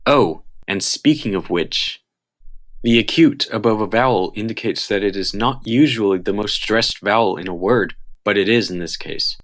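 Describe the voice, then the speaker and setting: A man with an American accent, reading a prepared language explainer in a careful, measured way. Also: lowish voice, a bit bright. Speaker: channel host. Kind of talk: scripted explanatory narration.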